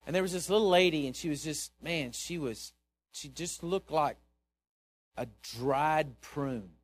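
Preacher, slightly high voice, lively storyteller, quiet asides then loud pleas, church sermon. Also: male voice, a little slow, slight background noise. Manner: animated storyteller, swings from hushed asides to loud exhortation. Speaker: pastor.

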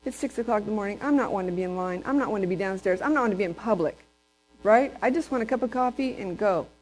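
A woman from Texas, preaching a sermon in a lively storytelling way and asking the congregation questions. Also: medium pitch, fast, rough recording. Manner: lively storyteller who acts out quotes and asks the congregation questions.

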